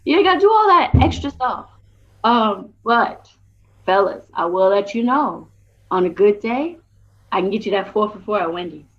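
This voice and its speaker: A woman's voice: medium pitch, big pitch swings, moderate pace. A woman in her forties doing brash, raunchy stand-up comedy with punchy delivery. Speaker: stand-up comic. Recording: slightly dull recording with faint noise.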